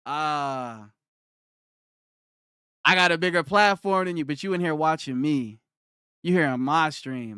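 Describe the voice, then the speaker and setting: A man streaming live who fires back at his chat, combative and mocking, repeating himself for emphasis. His voice sits high for a man, with a smooth, clean tone. The sound is dry and close. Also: normal speed, sharp tone, no room sound. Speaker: livestreamer. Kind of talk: livestream rant answering chat.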